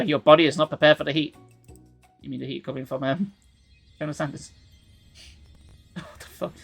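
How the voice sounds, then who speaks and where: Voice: medium pitch, a bit bright. Streamer; wry live reader of a game, sarcastic asides, faint music under. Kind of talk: live reading of a dating game.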